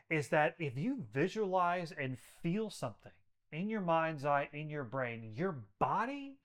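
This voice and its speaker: A man's voice: mid-range voice, a bit bright. A man who works with patients, speaking as a podcast guest in an earnest, emphatic way, building his points through repetition. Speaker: podcast guest, health practitioner. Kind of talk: conversational interview storytelling.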